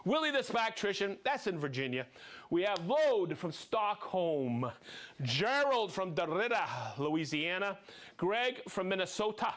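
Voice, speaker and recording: A man hosting a live product show, reading out viewer shout-outs with exuberant, playful energy, whooping and joking between names. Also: high-pitched, sing-song, measured pace.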